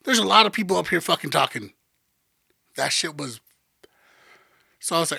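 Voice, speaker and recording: A man's voice: on the high side, lively intonation, moderate pace, creaky, long pauses, bright, forceful tone, slightly rough, no echo, studio quality. A man co-hosting a podcast, ranting in crude slang during casual banter. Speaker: podcast co-host.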